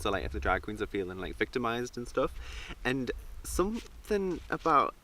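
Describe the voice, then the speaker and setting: A man's voice: medium pitch, lively intonation, brisk, a bit bright, a little hiss or hum. A young man talking casually and animatedly in a review vlog, full of fillers. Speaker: reality show reviewer.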